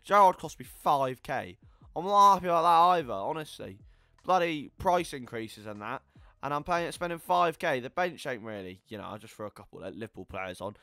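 An eighteen-year-old man giving casual gameplay commentary, chatty and swearing, yelling at the game. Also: medium pitch, sing-song, moderate pace, dry recording. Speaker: gaming YouTuber.

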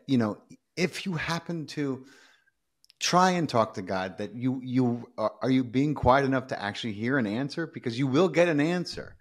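A man talking as a podcast guest, telling stories in a lively, casual way that is full of restarts and the odd swear word. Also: mid-range voice. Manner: animated storyteller, frequent restarts, casual swearing. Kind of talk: casual conversation.

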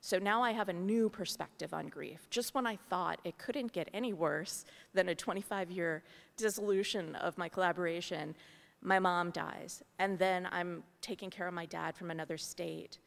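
A woman's voice: lowish voice, steady tone, moderate pace, vocal fry. A middle-aged woman artist speaking to a gathering, telling a personal story in a candid, earnest way with many asides. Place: large meeting hall. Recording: long hall reverb.

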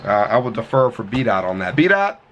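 A man's voice: fairly low pitch, very animated, normal speed, a bit bright, a little hiss or hum. A man hosting a reaction video, talking in a profane, joking way from a hot room at home. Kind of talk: casual commentary.

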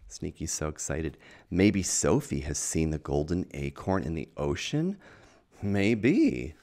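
A man's voice: sits low, vocal fry, a little mellow. A man reading a children's picture book aloud in a playful, chatty, enthusiastic way.

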